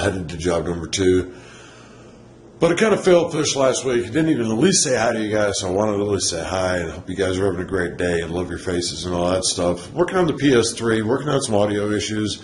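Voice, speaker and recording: A man's voice: fairly low pitch, echoey room, a little hiss or hum. A man vlogging at home, chatting in a playful, teasing way and laughing often. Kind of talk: casual chat. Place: home, indoors.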